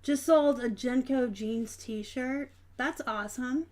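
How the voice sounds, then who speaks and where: Speaking slowly in a high-pitched, slightly mellow voice, a woman hosts a casual live reselling Q&A. She goes through viewer comments and chats frankly, with many ums and corrections of herself.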